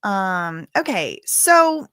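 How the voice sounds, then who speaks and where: A woman's voice: medium pitch, big pitch swings, drawn-out words, sharp tone, clean tone, no echo, clean studio sound. A woman chatting casually on a live stream, updating viewers on a court hearing and reading their comments aloud with lots of filler words. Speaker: livestream commentator on a court case.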